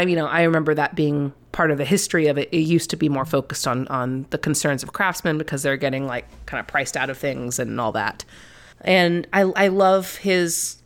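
Lowish-voiced woman chatting casually. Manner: swearing, laughing, lively commentary. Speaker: podcast co-host. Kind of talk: casual chat about a film.

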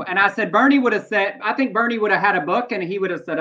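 A man co-hosting a casual live internet show, telling jokes and stories with lively energy. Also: high voice, quick pace, hardly any pauses, dull audio. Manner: animated, joking storyteller. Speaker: co-host.

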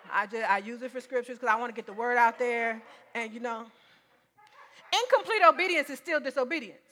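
A woman's voice: high voice, pushed and bright. A woman preacher giving a sermon in an emphatic, conversational way, often repeating her points.

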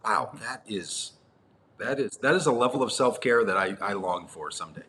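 Low-voiced joking male podcast co-host. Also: lively intonation, moderate pace, a bit bright, a little hiss or hum. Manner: joking, teasing wrap-up banter. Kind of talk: casual live-stream chat. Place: rented apartment unit indoors.

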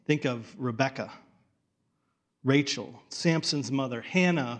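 A man's voice: medium pitch, slow pace, pauses often, fairly bright tone. Casting: man in his thirties, pastor, earnest and emotional, mid-range voice, repeats words as he restarts. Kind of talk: sermon.

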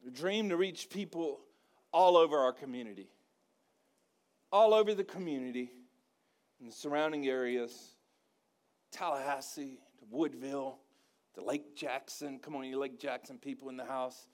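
A male pastor preaches a folksy, joking sermon, calling for responses from the congregation and rising to loud, emphatic call-and-response. His voice is medium-pitched at a normal speed, with long pauses.

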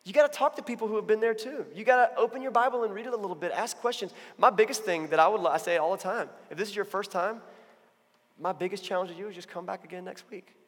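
A man giving a sermon as a pastor, talking in a conversational, animated storytelling way. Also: sits high, fast, big-room sound. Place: church.

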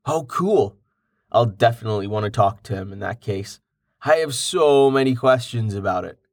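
A man's voice: medium pitch, lively intonation, moderate pace, darkish tone, dry recording, clean studio sound. A man voicing a curious, impatient young man. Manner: inquisitive, exasperated questions.

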